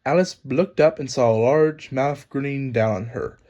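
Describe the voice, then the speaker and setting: A man narrating a children's storybook aloud in a lively, expressive reading. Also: mid-range voice, moderate pace, highs cut off. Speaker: storybook reader.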